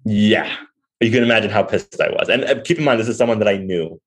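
On poor audio, a young man with a lowish voice talks at a quick pace. The restaurant owner is a podcast guest sharing a personal story, rambling candidly and leaning heavily on fillers in conversational storytelling.

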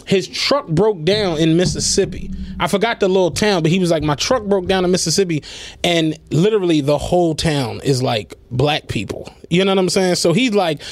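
A man with a high, bright-sounding voice tells stories in loose, profane slang and laughs often. He hosts a casual chat, recorded close and dry in a studio with no room echo. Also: normal speed. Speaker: podcast host.

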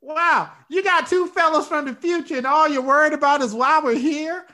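A woman hosting a comedy podcast, playing quick improvised characters in a playful way. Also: sits high, pushed and bright, shouting.

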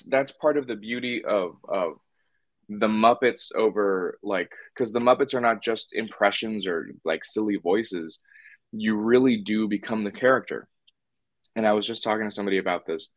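A man's voice: lowish voice, no echo. A man talking as a puppeteer guest in a casual interview, rambling with lots of fillers and restarts.

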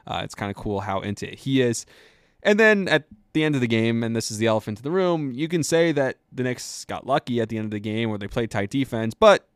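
A man's voice: mid-range voice, lively intonation, a little fast, clear, resonant tone, no room sound, studio quality. A man hosting a sports podcast, talking casually and rambling with lots of fillers as he goes. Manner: chatty and rambling, with many fillers.

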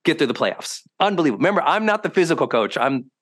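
A man hosting a podcast, a high-performance coach telling stories in a lively, conversational way and acting out quotes with sudden bursts. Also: fast. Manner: animated, swings into loud acted quotes. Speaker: host.

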